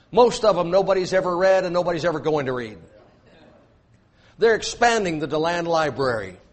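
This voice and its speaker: A man preaching a sermon, emphatic and repetitive, with joking asides to his congregation. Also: high voice.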